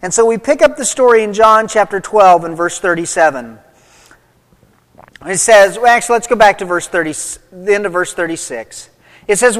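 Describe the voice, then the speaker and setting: High-voiced male preacher, echoing hall. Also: moderate pace, fairly bright tone. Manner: reads scripture aloud, then explains with rising emphasis. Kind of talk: sermon. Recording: long hall reverb.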